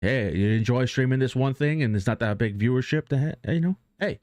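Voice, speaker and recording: A man's voice: mid-range voice, animated, fairly quick, darkish tone, dry recording. A man streaming live who talks casually and earnestly about motivation, rambling with many restarts and fillers and swearing now and then.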